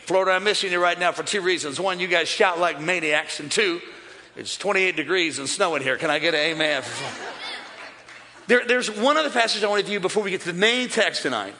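A man preaching a sermon to a large church crowd, energetic and building to shouts. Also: high voice, a little fast. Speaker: pastor. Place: large church with overflow campuses. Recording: long hall reverb.

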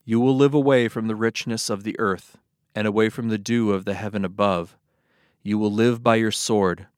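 A man reading Bible passages aloud as scripted narration, with a steady, even storytelling delivery. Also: fairly low pitch, no echo, studio quality. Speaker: Bible reader.

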